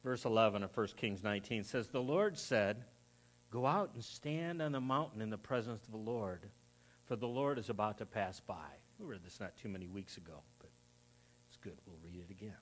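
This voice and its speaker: A man's voice: normal speed, slightly rough. A pastor preaching a sermon in a church, telling stories and voicing the people he quotes. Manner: storytelling, acts out quoted voices with rising pitch. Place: church sanctuary.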